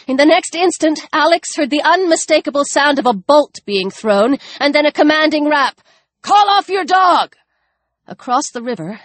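A woman narrating a tense, dramatic novel, dropping her voice low for grim moments. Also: fairly bright tone, no echo. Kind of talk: audiobook narration.

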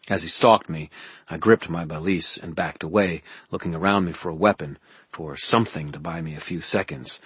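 A man narrating a fantasy audiobook in a steady, dramatic storytelling manner. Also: deep voice, husky, no echo.

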